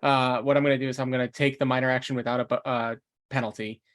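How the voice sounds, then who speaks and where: Relaxed man playing a tabletop game. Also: medium pitch, fast talker. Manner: relaxed, thinking aloud with fillers. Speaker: player. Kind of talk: casual tabletop game chat.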